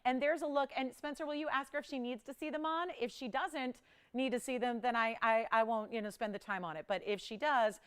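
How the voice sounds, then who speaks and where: A bright, smooth-voiced woman hosts a live jewelry sales show. She pitches in a chatty, bubbly way, thrilled by every price drop. Her voice sits a little high and sounds clear and resonant. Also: fairly even intonation, a little fast. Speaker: jewelry shopping host. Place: television shopping studio.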